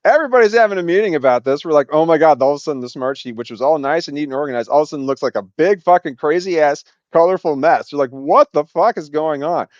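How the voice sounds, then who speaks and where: A man's voice: on the high side, very fast, few pauses, darkish tone, no room sound, muffled recording. A man telling a workplace story in a casual monologue, swearing freely, laughing often and acting out the voices of the people in it.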